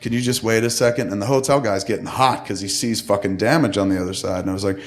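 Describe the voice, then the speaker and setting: A profane, animated man in his fifties spins a long story as a podcast co-host. He acts out the people in it as he goes, and his voice sits fairly low. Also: fast talker. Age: 50s. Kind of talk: casual storytelling.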